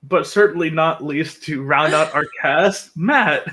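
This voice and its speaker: A man's voice: fairly high pitch, unhurried, pushed and bright. A man hosting a tabletop game stream, reading sponsor announcements and introducing players in an upbeat, scripted way. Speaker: host and game master.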